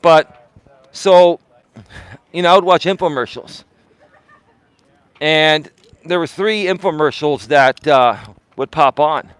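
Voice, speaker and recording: A middle-aged man, a life coach hosting a live stream, talking with heavy emphasis and swinging between highs and lows. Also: slow, long pauses, a bit bright, clear, resonant tone, no room sound.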